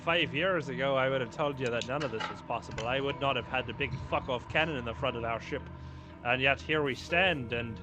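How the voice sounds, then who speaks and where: A man voicing a brisk, no-nonsense woman first mate who talks bluntly and scolds. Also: mid-range voice, lightly acted.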